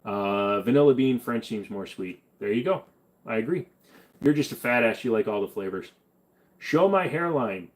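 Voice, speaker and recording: A man's voice: medium pitch, expressive, normal speed. A young adult man hosting a live stream, chatting casually, reading comments and answering bluntly with plenty of profanity.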